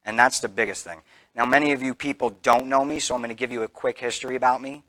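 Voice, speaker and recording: A man from New Jersey giving an earnest campaign speech to a local gathering, halting often with fillers and restarts. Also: medium pitch, steady tone, sharp tone, dry recording. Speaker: political candidate.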